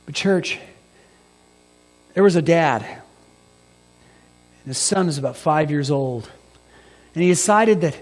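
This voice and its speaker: A male pastor delivering a sermon with animated storytelling, dropping from loud emphasis to near-hushed asides. His voice sits fairly high, and the hall adds a long reverb.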